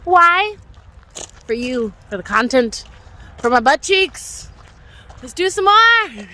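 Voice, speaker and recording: A woman's voice: sits high, sing-song, takes it slowly, sharp tone, poor audio. A woman hiking vlogger talking casually outdoors on forest trails, chatty, upbeat and self-mocking. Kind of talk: casual vlog narration.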